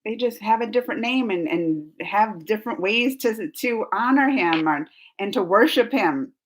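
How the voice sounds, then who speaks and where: A woman's voice: mid-range voice, expressive, normal speed. A woman hosting a casual live chat, talking in a chatty, rambling way and filling her sentences with "like.". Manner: chatty and rambling, says "like" a lot. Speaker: live-stream host reading chat.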